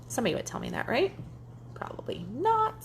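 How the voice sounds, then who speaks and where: Woman coach chatting to her viewers, gravelly voice, faint hum behind, swears now and then. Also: sits high, huge pitch swings, fairly quick. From German heritage. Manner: chatty, candid, swears casually, acts out quotes. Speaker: life coach. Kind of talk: casual livestream talk to viewers.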